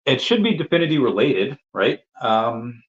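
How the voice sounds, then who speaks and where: A man's voice: medium pitch, very animated, moderate pace. Lo-fi man chatting on a livestream. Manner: reads viewer comments aloud, playful meowing asides. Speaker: livestream host. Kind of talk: casual livestream chat. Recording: dull lo-fi stream audio.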